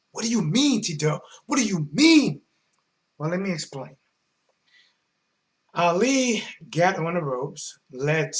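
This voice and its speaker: High-voiced male stream host, hyped slangy sports commentary with loud-soft swings. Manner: animated, slangy, swings between mumbling and shouting. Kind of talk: casual live-stream commentary.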